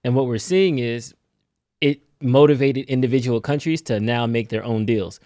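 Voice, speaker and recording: A man's voice: medium pitch, normal speed, warm tone, no echo. A man with a mid-range voice, co-hosting a live show and bringing in news items in a loose, conversational way. The sound is close and dry, with no room around it. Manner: conversational, reads news items, brief agreements. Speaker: co-host. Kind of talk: casual live-show banter.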